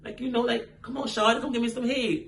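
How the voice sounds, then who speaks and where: A man's voice: very high-pitched, fairly even intonation, fast, creaky, a bit bright, reverberant, far from the mic, a little hiss or hum, pitched above the performer's own voice, exaggerated voice. A man doing a pushy, blunt male customer.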